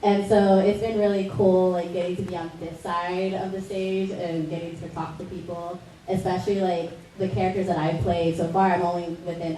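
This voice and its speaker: A woman's voice: on the low side, dark tone, slight background noise. A young-sounding woman voice actor chatting upbeat on a convention panel, using lots of filler words. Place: large convention hall, far from mic. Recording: echoey hall from far off.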